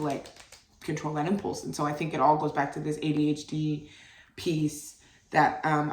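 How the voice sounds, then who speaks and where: Young adult woman, podcast host, low voice, candid rambling, swears casually, echoey room. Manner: candid, rambling, heavy on "like" fillers, swears freely. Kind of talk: casual solo podcast monologue. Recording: roomy, voice distant from the mic.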